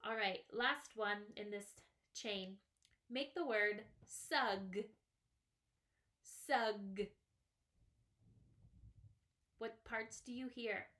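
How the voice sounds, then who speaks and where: Slow, patient woman teaching phonics. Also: medium pitch, bright, forceful tone. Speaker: first grade teacher. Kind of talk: slow, clearly sounded-out phonics lesson. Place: classroom or home, writing on a small board.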